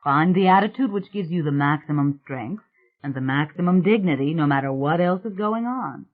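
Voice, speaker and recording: A man's voice: on the high side, lively intonation, moderate pace, natural voice. A man voicing a firm, blunt woman. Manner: firm, clipped, sometimes sharp. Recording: thin, phone-like audio.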